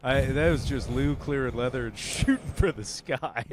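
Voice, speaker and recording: A man's voice: medium pitch, normal speed. A man co-hosting a comedy podcast, trading crude jokes and laughing often. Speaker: podcast co-host. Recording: noisy background.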